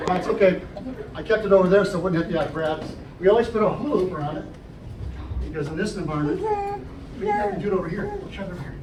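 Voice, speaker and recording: Joking high-voiced man performing live, echoey. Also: fast talker. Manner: playful, joking, explains each trick step by step. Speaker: children's juggler and entertainer. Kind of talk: live stage show patter. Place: library program room, indoors. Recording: roomy, distant, noisy audience recording.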